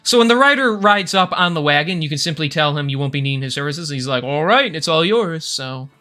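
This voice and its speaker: A man's voice: fairly high pitch, quick pace, sharp tone. A man running a tabletop game as dungeon master, patiently explaining rules and teasing his players with dry jokes.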